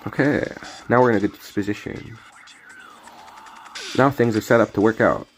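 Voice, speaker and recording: At a moderate pace, a young man whose voice sits on the low side chats through a card game stream. He's jokey and relaxed, often mumbling things under his breath, while faint music plays.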